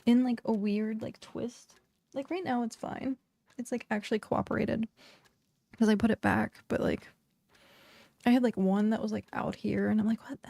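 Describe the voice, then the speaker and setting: A woman's voice: fairly high pitch, gravelly, dark tone, dry recording. A woman streaming a game and chatting casually, filling her talk with "like" and laughing often. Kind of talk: casual livestream chat.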